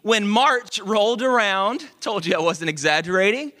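A man from Dallas, preaching a storytelling sermon, animated and self-mocking, with confiding asides to the congregation. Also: sits high, moderate pace. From Dallas, Texas. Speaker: pastor. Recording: long reverb of a big hall.

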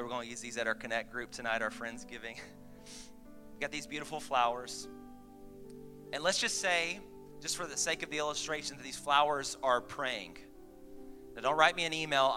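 A man's voice: medium pitch, pushed and bright. A man preaching a sermon to his church, chatty with laughing asides, building to emphatic points. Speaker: pastor. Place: church sanctuary.

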